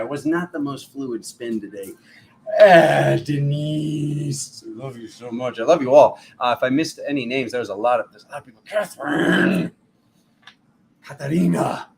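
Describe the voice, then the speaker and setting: Brief: animated male livestream host, higher-pitched voice with big swings, faint background hiss. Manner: animated, excitable, laughs often, greets viewers by name. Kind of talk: casual livestream chat.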